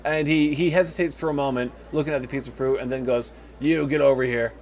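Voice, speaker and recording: A man narrating as dungeon master in a tabletop game, lively with many fillers. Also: a little high, quick pace.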